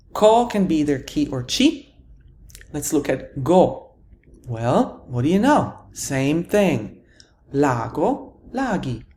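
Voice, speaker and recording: A woman's voice: deep voice, a little mellow. A woman teaching a grammar lesson, patiently explaining rules and answering her own questions. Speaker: Italian teacher.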